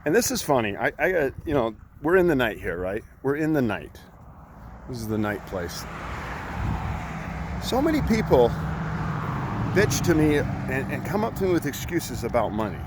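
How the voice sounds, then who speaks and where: A man's voice: medium pitch, big pitch swings, moderate pace, pauses often, very noisy. A middle-aged man, a coach, telling a heated story in blunt, profane talk while out on a walk. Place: outdoors by a road.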